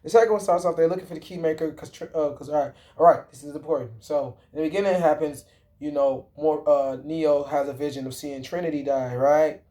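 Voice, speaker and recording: Rambling, slangy man with a mellow voice. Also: on the high side, fairly quick. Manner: rambling, slangy and profane, with frequent fillers and self-corrections. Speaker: vlogger. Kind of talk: casual movie talk.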